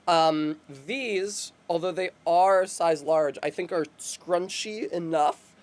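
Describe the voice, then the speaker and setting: A man's voice: sits high, takes it slowly. A man chatting casually while live-streaming a game, rambling in a chatty way, full of fillers and self-interruptions.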